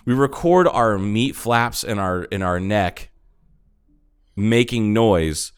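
Low smooth guy ribbing his buddy on a podcast, swears a lot, studio mic up close. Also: animated, takes it slowly. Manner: crude, profane teasing. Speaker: podcast co-host. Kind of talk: casual chat. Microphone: studio mic with pop filter.

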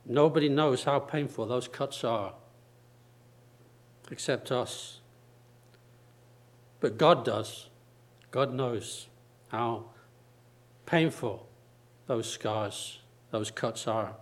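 A male preacher delivering a sermon at an unhurried pace, leaning on repetition and long pauses between phrases. His voice sits at an ordinary middle pitch. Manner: slow, deliberate preaching with repeated phrases and dramatic pauses.

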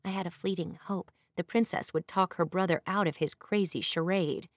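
A woman reading a first-person fantasy audiobook in a measured, descriptive way. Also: on the low side, steady tone, no room sound, studio quality. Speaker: audiobook narrator. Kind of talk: scripted first-person narration.

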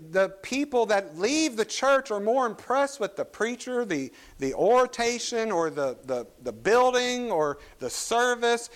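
A man with a Kentucky accent preaching a sermon as pastor, animated, with emphatic rises and some fillers. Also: sits high.

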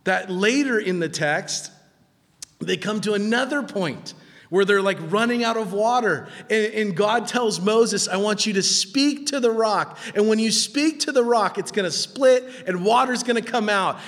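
A man preaching a sermon in a casual, animated way, acting out quotes in lively voices. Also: high voice, normal speed. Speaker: pastor. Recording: long hall reverb.

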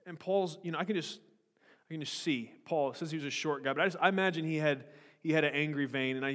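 A man preaches a sermon with a slightly high voice, blunt and confrontational, breaking in with jokes. His voice carries a long echo through a large church sanctuary. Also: fast, fairly bright tone. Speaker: pastor.

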